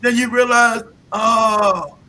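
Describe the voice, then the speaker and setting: A man with a high, sharp and forceful voice, hosting a loose, profane rant. He mocks freely and breaks into laughter often. A faint hiss sits under his voice. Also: steady tone, takes it slowly, rough recording. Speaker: podcast host. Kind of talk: casual rant.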